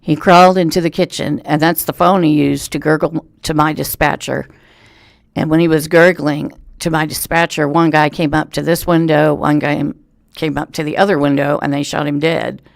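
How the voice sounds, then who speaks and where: Gravelly man reading local news. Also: fairly high pitch, level tone, moderate pace, dry recording. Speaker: radio reading service volunteer reader. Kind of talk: reading a news article aloud. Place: thrift store.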